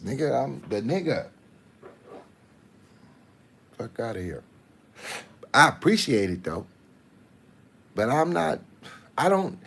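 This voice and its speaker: A man's voice: mid-range voice, slight background noise. Swaggering, profane man on a live rant. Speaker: channel host. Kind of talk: casual live-stream rant. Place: indoor building with parked cars.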